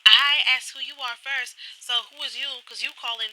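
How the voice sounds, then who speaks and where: A woman's voice: high-pitched, steady tone, moderate pace, pushed and bright, pitched above the performer's own voice, low-quality recording. A woman voicing a suspicious, defensive young woman who answers someone else's phone.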